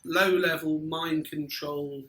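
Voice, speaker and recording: Bright high-voiced man, wry film chat. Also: fairly even intonation, slow, echoey room, a little hiss or hum. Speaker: podcast co-host. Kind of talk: casual film review chat.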